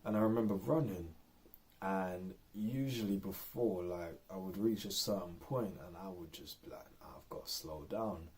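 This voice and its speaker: A man with a low, mellow voice speaks at a moderate pace in an unscripted personal vlog, rambling candidly with lots of fillers. There's a little hiss or hum in the audio.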